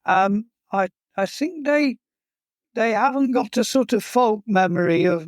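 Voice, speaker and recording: Man, fly casting instructor. Slow, drawn-out delivery, humorous storyteller, fairly high pitch. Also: dry recording. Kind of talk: casual interview chat.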